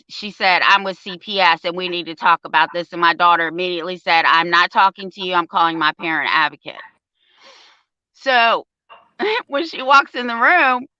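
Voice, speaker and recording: A woman's voice: medium pitch, no room sound, dull audio. An older woman, a parent advocate, telling a story in casual talk and acting out the quoted voices. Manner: animated storyteller, acts out quotes.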